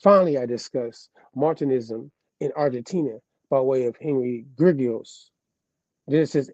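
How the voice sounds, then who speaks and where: A man, reading an article aloud and commenting casually, slowly and with stumbles over words. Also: medium pitch, a little mellow, no room sound, lo-fi sound.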